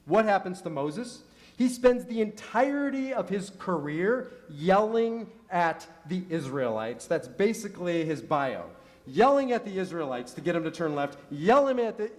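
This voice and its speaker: A man's voice: high voice, sing-song, moderate pace. A middle-aged man, a rabbi, preaching a sermon in a synagogue, telling stories and asking rhetorical questions with rising emphasis. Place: synagogue sanctuary.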